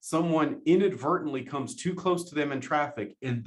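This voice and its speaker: A man giving a motivational talk, animated, laughing often and repeating his questions for emphasis. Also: a little high, normal speed. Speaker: motivational speaker.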